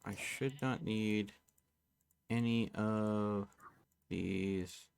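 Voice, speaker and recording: A man's voice: on the low side, creaky, darkish tone, slight background noise. A man on a live game stream, chatting casually and thinking aloud as he plays. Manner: slow, thinking aloud while playing. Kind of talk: casual live gameplay chat.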